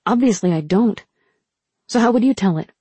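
A woman's voice: medium pitch, expressive, normal speed, dark tone, breathy edge, no room sound. A woman voicing a guarded young woman soldier who answers bluntly in a plain voice. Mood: curious.

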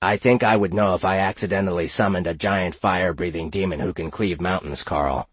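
A man's voice: sits low, steady tone, fairly quick, slightly rough, no echo. A man voicing a naive, childlike mimic monster that speaks plainly and bluntly, in an audiobook. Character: naive, literal-minded mimic treasure-chest monster. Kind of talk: audiobook character voice.

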